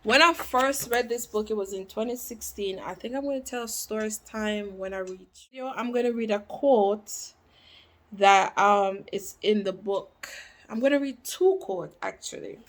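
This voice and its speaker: A woman vlogging about books she has read, chatting casually and repeating quotes with rising emphasis, dropping into soft asides. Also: mid-range voice, unhurried. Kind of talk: casual book talk to camera.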